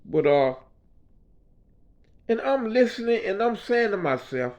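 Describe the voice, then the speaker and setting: Man, high voice, rambling casual storytelling, hospital patient, dull lo-fi sound. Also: big pitch swings, unhurried, pauses often, a little mellow. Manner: rambling, conversational, frequent "you know what I mean". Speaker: vlogger telling a personal story. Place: hospital room.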